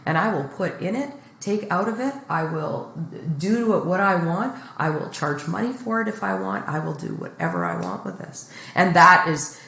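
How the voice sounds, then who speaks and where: A woman's voice: lowish voice, normal speed, creaky. Blunt, joking woman in an echoey room. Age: middle-aged. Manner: blunt, joking, animated retelling. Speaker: guest comedian. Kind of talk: candid storytelling chat.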